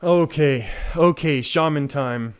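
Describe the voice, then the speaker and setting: A man's voice: a little high, slow pace. A man with a Canadian accent giving casual, chatty commentary while streaming a card game. He often chuckles at himself and restarts his sentences as he talks to his chat.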